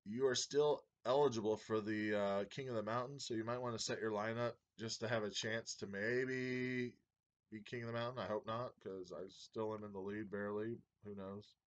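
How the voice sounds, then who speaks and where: A man who runs a fantasy football league, giving members a casual video update in an excited, rambling fan's manner. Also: on the low side, moderate pace, muffled recording. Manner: excited, rambling sports fan banter.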